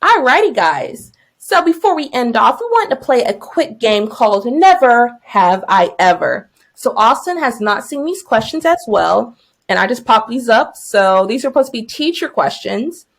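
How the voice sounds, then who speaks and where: A young woman in her twenties co-hosts a teacher podcast, telling stories with a fairly high voice. She jumps way up in pitch to act out what people said, and laughs easily. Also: normal speed. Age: 20s. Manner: animated, laughs often, jumps high for quoted lines. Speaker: new teacher and podcast co-host. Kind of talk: casual podcast storytelling.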